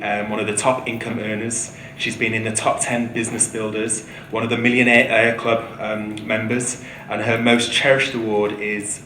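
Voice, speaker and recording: A man introducing a speaker on stage, hesitant and full of ums. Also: pushed and bright. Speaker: event host introducing the speaker. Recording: echoey hall with low rumble.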